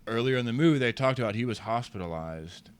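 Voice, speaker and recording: A man co-hosting a casual movie podcast, calmly walking through the plot in detail. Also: medium pitch, quick pace, slight background noise. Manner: calm, recaps plot in detail. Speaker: podcast co-host.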